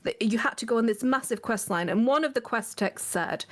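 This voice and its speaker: A woman's voice: on the high side, expressive, a little fast, few pauses. A woman co-hosting a casual gaming podcast, talking animatedly with many restarts. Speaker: podcast co-host.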